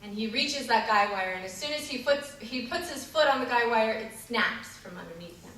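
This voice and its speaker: Recorded from a distance in an echoey hall with slight background noise, a woman preaches a sermon, telling a story in an earnest manner with a few fillers and restarts. Her voice sits on the high side, animated and fairly bright, at a moderate pace.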